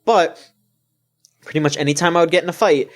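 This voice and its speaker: A man's voice: on the high side, brisk. Ranting, foul-mouthed podcast co-host man. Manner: ranting, profane, animated. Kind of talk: casual gaming podcast chat.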